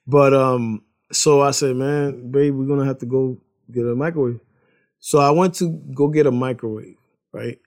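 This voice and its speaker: A man's voice: medium pitch, steady tone, measured pace. Rambling man giving a faith testimony. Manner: rambling, repeats words, laughs while telling. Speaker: husband sharing a testimony.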